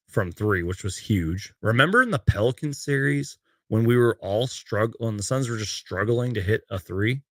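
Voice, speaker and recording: A man's voice: lowish voice, fairly bright tone, no echo, clean studio sound. A man hosting a casual sports livestream, reading out game stats and viewer comments in a loose, rambling way. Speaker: sports fan livestream host. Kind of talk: casual live-stream chat.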